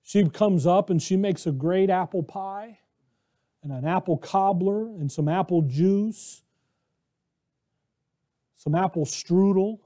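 An American man preaching a conversational, animated sermon who acts out the voices of biblical characters. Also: high-pitched, slow pace, long pauses. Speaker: pastor.

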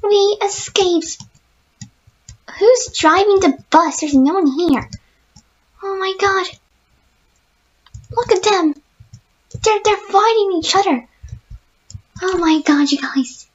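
A woman voicing a timid, gentle young female pegasus pony, playing a game in character and talking to herself with easily spooked, jittery chatter. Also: very high voice, slow, pauses often, muffled recording. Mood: triumphant. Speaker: let's-play gamer in character.

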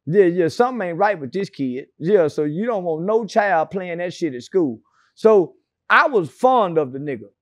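A man's voice: high voice, big pitch swings, normal speed, no room sound. A man being interviewed, telling stories in a brash, profane and mocking way with sarcastic asides. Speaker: interview guest. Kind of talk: casual interview storytelling.

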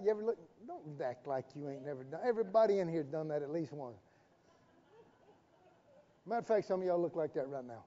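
A man's voice: on the high side, expressive, fairly quick, pauses often, mellow. A man preaching a sermon as the pastor, folksy and joking, calling on the congregation to repeat after him. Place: church sanctuary. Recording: dull, reverberant live church stream.

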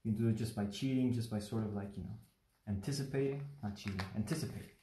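A man from Mexico talks casually through a paper-folding tutorial on a livestream, chatty and prone to rambling asides. His voice sits low and mellow. The room around his mic is echoey. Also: fast talker, a little hiss or hum. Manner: rambling, chatty, asks the viewer questions. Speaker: origami instructor. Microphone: livestream phone or webcam mic.

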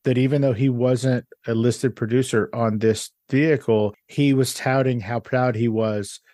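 A podcast host chats casually and eagerly plugs shows to his listeners. His voice is medium-pitched, steady, and dark in tone, delivered at a measured pace in a clean studio recording with no room sound.

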